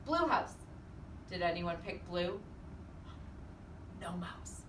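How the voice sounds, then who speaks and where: A woman preschool teacher who talks in an animated, singsong, encouraging way, with a bright voice that leaps up and down. She is heard from a distance in an echoey room with faint hiss. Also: fairly low pitch, slow pace. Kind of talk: storybook read-aloud and class game.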